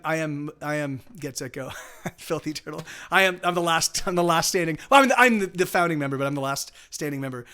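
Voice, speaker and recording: High-voiced man rambling on a live stream. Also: pushed and bright. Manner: rambling, many restarts and swearing. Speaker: music streamer. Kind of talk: casual live-stream chat. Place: home streaming setup in Austin.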